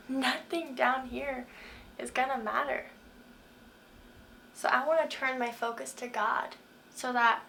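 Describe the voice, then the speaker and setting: A woman's voice: high-pitched, creaky, pushed and bright, a little hiss or hum. A woman hosting a faith talk, speaking earnestly and asking the listener many questions. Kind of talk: devotional talk to camera.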